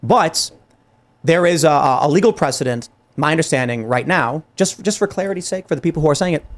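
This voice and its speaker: A man hosting a political talk show, speaking in an animated, exasperated way with many restarts and acted-out quotes. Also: a little high, fairly quick. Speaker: podcast host. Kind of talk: heated political commentary.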